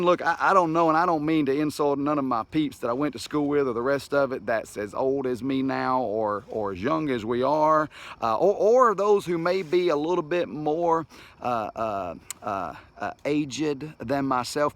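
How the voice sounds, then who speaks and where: Folksy pastor, halting and earnest. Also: male voice, medium pitch, fairly bright tone. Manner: folksy and earnest, many restarts and fillers; slows and stretches words for emphasis. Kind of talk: daily devotional video talk.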